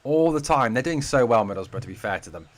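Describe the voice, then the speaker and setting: A man's voice: medium pitch, expressive, fast. A man hosts a live fan watch-along, calling the play as it happens. His talk is loose and chatty, full of swearing and replies to comments from viewers. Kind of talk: casual live-stream match commentary.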